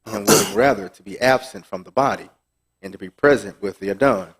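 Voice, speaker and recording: A man reading scripture aloud in a steady, measured way during a sermon. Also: fairly low pitch, breathy edge. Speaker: scripture reader.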